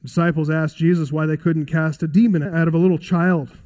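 A man preaching a sermon in an earnest, emphatic way, slowing down to stress key lines and quoting scripture aloud. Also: on the high side, steady tone, a little mellow.

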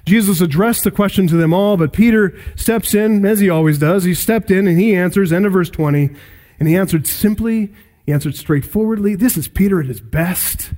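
Guy preaching a sermon, pretty high voice, gets emphatic and punchy. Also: brisk. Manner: emphatic preaching, swells loud and high on key points. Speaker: pastor. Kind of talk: expository sermon.

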